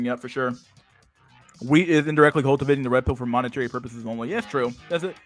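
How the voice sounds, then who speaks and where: A young man hosting a casual livestream at a middle pitch. He talks in a profane, slangy way and keeps restarting his sentences. Faint music plays behind him. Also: fast. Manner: profane and slangy, lots of "dude" and "bro", many restarts. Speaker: livestream host.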